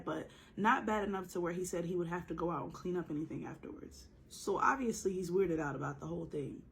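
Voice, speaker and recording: A woman's voice: fairly low pitch, a little hiss or hum. A woman with a sore throat telling a scary story in a casual, joking way with slangy asides.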